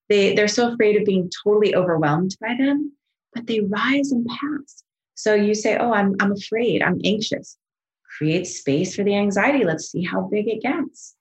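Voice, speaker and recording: A middle-aged woman psychologist speaking as a podcast guest, explaining mindfulness in a gentle, enthusiastic way and acting out soothing inner voices. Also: mid-range voice, muffled recording.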